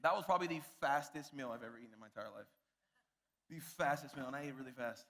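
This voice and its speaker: A man's voice: mid-range voice, fast, a bit bright. A young man, a youth pastor, telling a self-mocking story to a youth group and addressing them directly.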